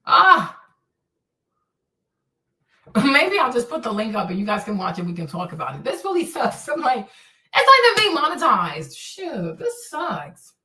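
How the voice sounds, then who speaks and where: A woman's voice: a little high, huge pitch swings, unhurried, long pauses, bright, forceful tone, far from the mic. Chatty woman streamer in an echoey room. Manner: chatty, exasperated, slangy. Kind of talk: casual live-stream commentary.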